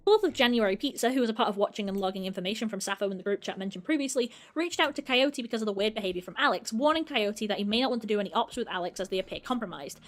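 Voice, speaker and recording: A woman reading scripted documentary narration, brisk and matter-of-fact. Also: mid-range voice, animated. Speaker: video narrator.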